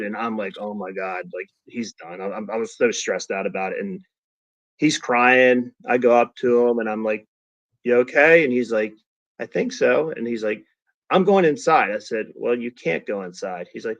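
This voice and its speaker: A man's voice: fairly low pitch, dry recording, highs cut off. A middle-aged man telling casual stories as a podcast guest, acting out quotes with lots of restarts. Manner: animated storyteller who acts out quotes, many restarts. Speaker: podcast guest, father of a young racer. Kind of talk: casual storytelling chat.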